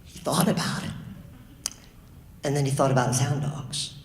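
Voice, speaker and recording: A storyteller telling a spooky tale to children, playful and lively, drawing the audience in with questions, recorded live on a large theatre stage. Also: medium pitch, moderate pace, roomy sound, long reverb tail.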